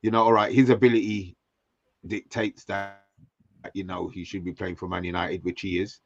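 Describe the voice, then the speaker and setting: A man co-hosting a casual live stream who talks in a halting way, repeating words and saying "you know" often. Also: low-pitched, level tone, highs cut off. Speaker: co-host.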